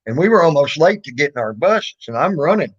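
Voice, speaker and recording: A man's voice: fairly high pitch, very animated, a little fast, slightly rough. A man casually telling a childhood story, rambling and swearing, full of fillers and restarts. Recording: dull lo-fi recording.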